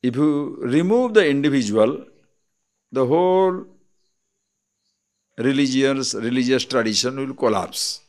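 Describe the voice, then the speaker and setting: Male Indian-accented swami, spiritual discourse, unhurried explanatory delivery, mid pitch, poses rhetorical questions. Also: expressive. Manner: deliberate, explanatory, asks the listeners rhetorical questions.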